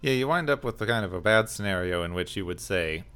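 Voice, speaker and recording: A man co-hosting a casual talk show, explaining points in a measured way. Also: on the low side, expressive, a bit bright, smooth, faint music behind. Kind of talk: casual chat.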